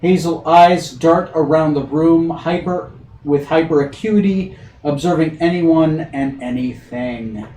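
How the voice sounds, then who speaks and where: A man narrating as game master of a tabletop game, halting and hesitant as he reads out descriptions. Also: fairly high pitch, dark tone. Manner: halting, many fillers, reading descriptions aloud. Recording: echoey room, far from mic, faint hiss.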